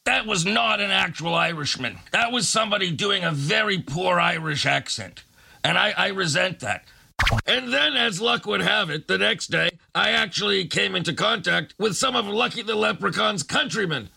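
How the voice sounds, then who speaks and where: A man's voice: high voice, expressive, normal speed, gravelly, pushed and bright. A man hosting a late-night radio show, delivering a sarcastic, ranting comic monologue.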